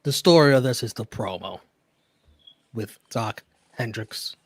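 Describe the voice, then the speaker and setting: A man's voice: medium pitch, unhurried, no echo. A man hosting a casual podcast, recapping matches and laughing often. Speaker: podcast host reviewing wrestling.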